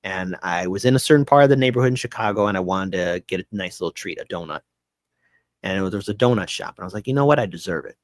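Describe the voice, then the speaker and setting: A man, a guest on a talk show, telling an emotional personal story in an earnest, halting way with many restarts. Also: low-pitched, expressive, dry recording, studio quality.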